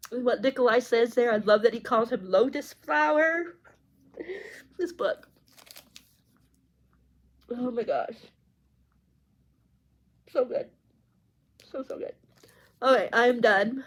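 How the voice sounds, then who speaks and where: A woman's voice: fairly high pitch, poor audio. A woman chatting casually as she reviews a book, gushing and effusive, a little teary. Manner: gushing, effusive, many fillers.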